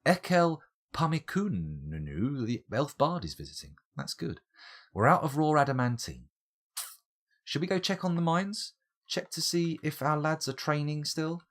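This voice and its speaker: A man's voice: on the high side, very animated, unhurried, a bit bright. A man, chatting and joking casually while streaming a game. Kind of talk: casual let's-play commentary.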